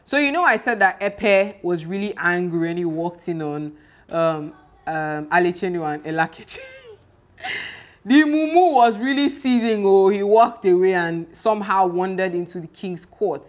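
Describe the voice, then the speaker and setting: Animated young woman vlogger. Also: medium pitch, moderate pace. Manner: animated, laughing, exclaiming. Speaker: vlogger recapping a TV series. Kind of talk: casual chat.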